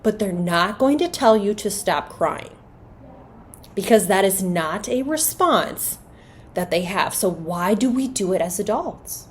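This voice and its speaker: A woman's voice: mid-range voice, lively intonation, measured pace, slight background noise. A woman hosting a solo podcast on parenting, talking earnestly and conversationally and asking her listeners rhetorical questions. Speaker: podcast host.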